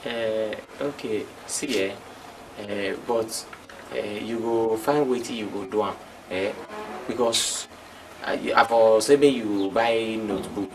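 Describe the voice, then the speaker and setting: Coworker, nigerian pidgin, slow and teasing, sounds kinda far from the mic. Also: male voice, on the low side, steady tone, background noise.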